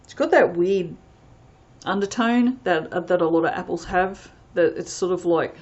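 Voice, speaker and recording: A woman's voice: fairly low pitch, moderate pace, darkish tone, highs cut off. A woman chatting casually as she reviews soap fragrances, rambling and reading product blurbs aloud. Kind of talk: casual unboxing chat.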